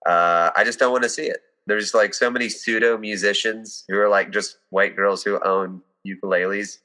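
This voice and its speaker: A young man guesting on a comedy podcast, riffing dryly with halting restarts. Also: on the low side, steady tone, sharp tone, rough recording. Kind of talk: casual comedic banter.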